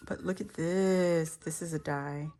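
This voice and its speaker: A woman's voice: deep voice, steady tone, a little slow, warm tone, faint music behind. A woman showing off handmade crafts she got in the mail, gushing over every piece with lots of gasps and exclamations. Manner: gushing, exclaims and gasps often, laughs between lines. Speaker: crafting YouTuber. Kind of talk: unboxing a craft haul.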